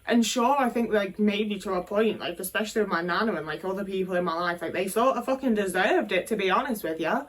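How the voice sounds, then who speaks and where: A woman's voice: mid-range voice, quick pace, few pauses, recorded from a distance. A British woman talking candidly into her phone in a casual monologue, frank and rambling, with plenty of fillers and swearing. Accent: British English. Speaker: vlogger. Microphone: phone camera.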